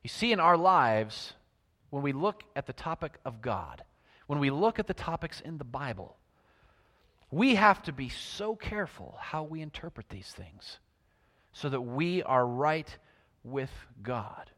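Male preacher, mid pitch, storytelling sermon delivery with big loud-to-hushed swings, reverberant room. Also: expressive, a little slow.

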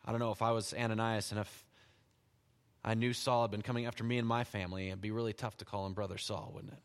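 A man's voice: fairly low pitch, quick pace, clear, resonant tone. Man preaching in a reverberant hall. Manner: animated storytelling, reads scripture aloud, chuckles often. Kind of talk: sermon.

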